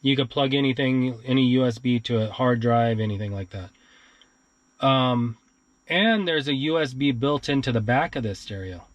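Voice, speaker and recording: Brief: man, mid-pitched voice, informal how-to vlogger talking straight to viewers. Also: normal speed, no echo, muffled recording. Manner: informal, addresses viewers directly. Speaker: car stereo how-to vlogger. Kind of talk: casual how-to walkthrough. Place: outdoors near his car, then inside it.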